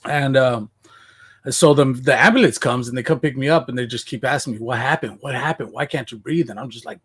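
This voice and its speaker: A man's voice: medium pitch, brisk, fairly bright tone, slightly rough. Podcast guest, male, from Washington State, casual storyteller who acts out his own lines. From Washington State, USA.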